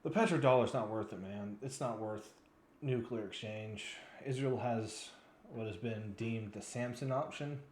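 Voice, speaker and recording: A man's voice: fairly low pitch, measured pace, darkish tone, reverberant, slight background noise. A man in his twenties giving rambling, frustrated commentary as a news vlogger, sounding weary and yawning now and then. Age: 20s.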